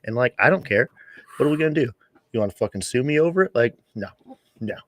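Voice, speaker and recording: A father co-hosting a podcast, telling a story in casual chat in a blunt, profane, animated way. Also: medium pitch, fast talker, dry recording.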